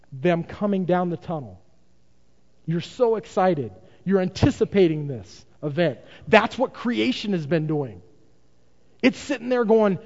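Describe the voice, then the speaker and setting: Male pastor, high and animated delivery, captured in a reverberant church on lo-fi audio. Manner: emphatic preaching with rhetorical questions. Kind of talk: sermon. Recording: dull lo-fi recording in a reverberant hall.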